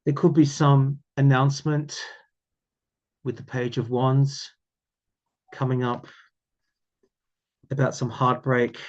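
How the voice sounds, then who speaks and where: A man's voice: medium pitch, lo-fi sound. Musing man reading tarot cards. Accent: Australian. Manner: musing, repeats phrases, frequent ums and soft laughs. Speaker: tarot reader. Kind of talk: casual tarot reading to camera.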